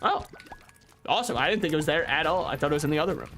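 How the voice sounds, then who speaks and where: A man's voice: on the high side, lively intonation, racing, fairly bright tone, soft background music. A man giving casual, sarcastic gameplay commentary as a streamer, mocking himself and swearing freely. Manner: sarcastic, self-mocking banter.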